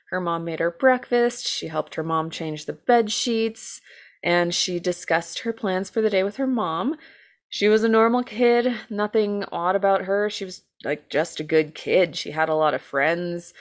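A young woman with a somewhat low voice tells a true crime story on a podcast. She talks casually and chattily, with lots of "like" and the odd laugh. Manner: chatty, many "like"s, laughs often. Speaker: podcast co-host telling a true crime case.

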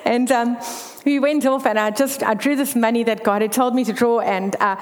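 Woman, earnest testimony speaker, slightly high voice, long echoing hall. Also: steady tone, moderate pace. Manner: earnest, candid storytelling. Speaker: speaker sharing a faith testimony. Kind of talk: personal testimony talk.

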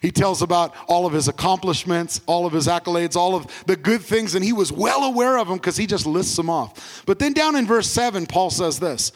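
Male pastor giving a sermon, kinda high voice, repeats stuff, big echoey hall. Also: animated, a little fast. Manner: repeats key phrases, asks the congregation to repeat.

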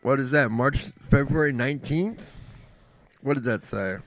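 A man's voice: medium pitch, a little slow, no echo, faint music behind. A man co-hosting a podcast in casual chat, joking and rambling, often slipping into mock voices for laughs. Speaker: podcast co-host.

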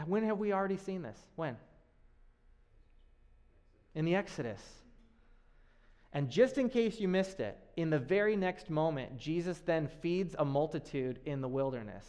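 A man preaching a sermon in a lively, conversational way, with playful asides to the listeners. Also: a little high.

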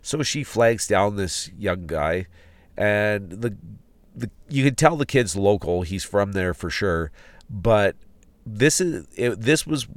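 A man's voice: on the low side, animated, slow pace, no room sound. A man hosting a podcast, recounting a road trip in a rambling, casual way with restarts and fillers. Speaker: podcast host. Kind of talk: casual spoken travel log. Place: outdoors at a ghost town site.

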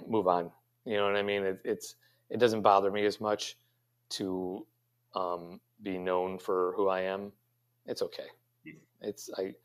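A middle-aged man, a pastry chef guest, answering interview questions in a rambling, reflective way with many fillers and restarts. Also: low-pitched.

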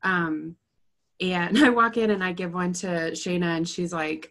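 A woman's voice: lowish voice, steady tone, measured pace, a bit bright. A young adult woman, a therapist, chatting casually and rambling through a story, laughing often. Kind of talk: casual chat.

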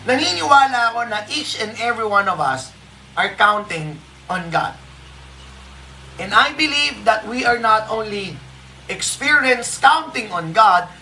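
A devotional preacher with a Filipino accent, giving a live morning sermon slowly and emphatically and repeating key phrases. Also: medium pitch, bright, forceful tone, poor audio. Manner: slow and emphatic, repeats key phrases, switches between English and Tagalog.

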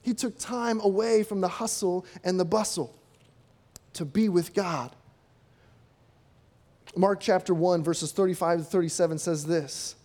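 High-voiced preacher giving a sermon. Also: male voice, steady tone, measured pace, long pauses, darkish tone. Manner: conversational, rhetorical questions, acts out quotes.

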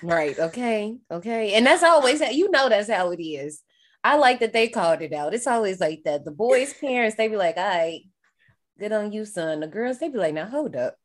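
A woman's voice: mid-range voice, moderate pace. A woman, co-hosting a casual chat, talking expressively with lots of laughter. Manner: expressive, laughing, dialect-heavy speech. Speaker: podcast co-host. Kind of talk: casual chat recapping a film.

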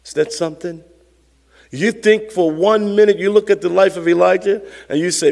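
A man's voice: high voice, steady tone, normal speed, creaky, a little mellow, long reverb tail. A male pastor preaching a sermon with emphatic, repetitive phrasing and call-and-response to the congregation.

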